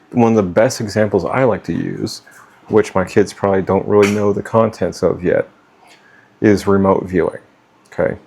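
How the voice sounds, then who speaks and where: Here a middle-aged man speaks to camera without a script, giving blunt, swear-laden life advice as a vlogger. The voice is low, husky and gravelly yet mellow, broken by pauses and restarts as he fumbles for words.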